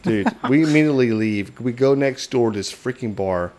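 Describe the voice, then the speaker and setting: Animated man telling a rowdy story. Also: mid-range voice, moderate pace. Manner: animated, laughing storyteller acting out voices. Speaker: podcast co-host. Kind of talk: casual storytelling chat.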